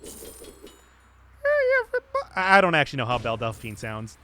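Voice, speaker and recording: Very fast and animated, his mid-range voice comes across pushed and bright over slight background noise. He's a game streamer chatting casually, rambling along with self-mocking humor and laughing at his own jokes.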